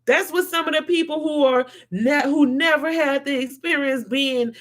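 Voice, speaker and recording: A woman speaks her mind on faith to a live audience. She talks like a preacher, rising to loud conviction and dropping to a soft, heavy tone. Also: high-pitched, moderate pace. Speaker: host. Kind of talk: spiritual monologue to a live audience.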